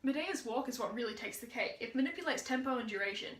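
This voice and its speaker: A woman, a drama student, giving a brisk, upbeat school drama presentation. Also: a little high, expressive, fairly bright tone. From Australia. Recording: echoey room.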